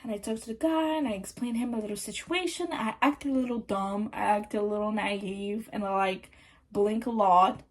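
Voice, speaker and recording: A woman's voice: mid-range voice, normal speed. A woman hosting a podcast, telling a story in a chatty, exasperated way, with many fillers and some swearing. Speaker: podcast host. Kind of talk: casual storytime monologue.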